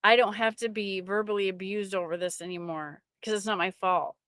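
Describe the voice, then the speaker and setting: A middle-aged woman sharing a personal faith testimony with an online audience, emotional and halting, often restarting her sentences. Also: mid-range voice, fairly even intonation, a bit bright, no room sound, studio quality.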